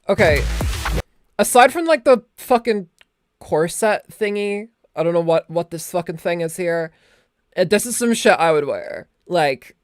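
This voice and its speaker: A woman's voice: lowish voice, no room sound. A young adult woman streaming as a VTuber, chatting casually and rambling, swearing now and then into a close desk mic. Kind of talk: casual live-stream chat.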